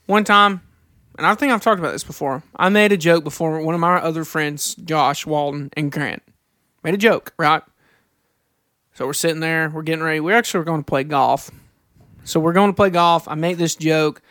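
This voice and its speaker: A high-pitched man talks earnestly on a faith podcast, sharing candid stories and slowing down to read scripture aloud. The sound is close and dry, with no room around it. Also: steady tone, pushed and bright, no room sound. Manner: earnest, reads scripture slowly, confessional storytelling. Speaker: podcast co-host.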